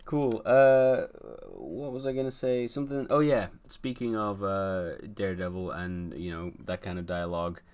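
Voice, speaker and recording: A man's voice: sits low, fairly even intonation, normal speed, hardly any pauses, a little mellow, clean tone. A man co-hosting a casual film podcast, chatty and joking, mocking film dialogue. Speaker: podcast co-host. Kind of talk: casual chat.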